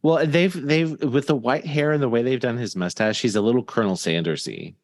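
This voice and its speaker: A man's voice: mid-range voice, brisk, big-room sound. A man hosting a podcast, chatting casually, often laughing and filling gaps with ums. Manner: laughs often, fillers, animated. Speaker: podcast host. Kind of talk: casual chat.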